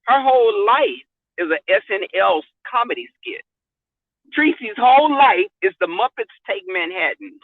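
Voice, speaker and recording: Sassy man, high lively voice, tinny phone sound. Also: moderate pace, no echo. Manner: sassy, profane, animated storytelling. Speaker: vlog host. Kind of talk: casual live-stream storytelling. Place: in a car.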